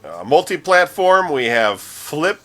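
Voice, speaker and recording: Lively joking man reading game news. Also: on the high side, slow pace. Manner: jokey, laughs often, stumbles over names. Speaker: news host. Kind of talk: casual podcast chat reading news.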